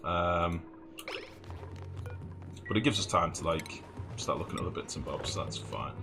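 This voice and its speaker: A man's voice: low voice, moderate pace, gravelly. A man giving casual gameplay commentary as a let's play host, thinking aloud, muttering numbers to himself and swearing now and then. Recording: game music playing underneath.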